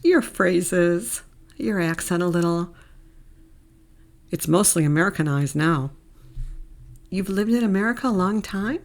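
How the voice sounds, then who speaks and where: Woman doing a curious clinic woman, guarded, higher questioning tone. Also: unhurried, pauses often.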